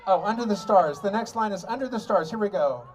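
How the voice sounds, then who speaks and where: High, lively man singing live on stage. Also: brisk, muffled recording, slight background noise. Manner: playful, joking crowd work. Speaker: singer fronting a band. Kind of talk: live concert singing and crowd banter. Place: large live concert venue. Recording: live concert with loud band and crowd.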